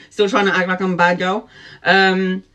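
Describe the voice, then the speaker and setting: A woman's voice: mid-range voice, unhurried, highs cut off. Chatty woman telling a story. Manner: lively, laughs often, acts out quoted speech. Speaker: tarot vlogger. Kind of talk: storytime chat.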